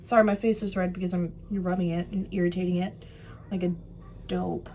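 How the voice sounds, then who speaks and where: A young woman vlogging while she does special effects makeup, chatting casually and poking fun at herself, sometimes trailing off into soft mumbles. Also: on the low side, little pitch movement, brisk, slight background noise, rough recording. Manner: chatty, self-mocking, drifts into soft mumbles. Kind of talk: rambling casual chat while doing makeup.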